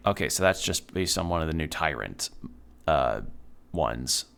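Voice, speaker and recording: A man's voice: rumbling low, expressive, measured pace, gravelly, fairly bright tone, smooth. A young man streaming a video game, chatting casually and rambling, swearing often as he plays. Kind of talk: casual let's-play commentary.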